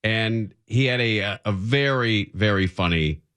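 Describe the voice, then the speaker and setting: A man's voice: lowish voice, unhurried, smooth, no echo. A middle-aged man hosting a radio show, chatting casually and rambling through stories. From San Fernando Valley, California. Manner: rambling, animated storyteller. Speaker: radio host. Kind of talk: casual talk radio banter.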